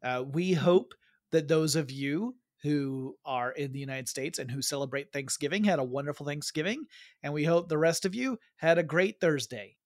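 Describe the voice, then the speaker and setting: Man, podcast co-host, casual joking chat, slightly high voice, dry close mic. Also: dry recording. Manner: jokey, self-deprecating, quick asides.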